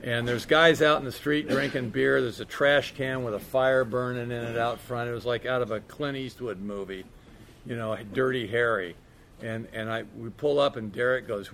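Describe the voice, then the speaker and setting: A man's voice: medium pitch, normal speed, vocal fry, fairly bright tone, a little hiss or hum. A middle-aged man sharing a recovery story in a candid, rambling way, with lots of "man" and "you know". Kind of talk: storytelling talk.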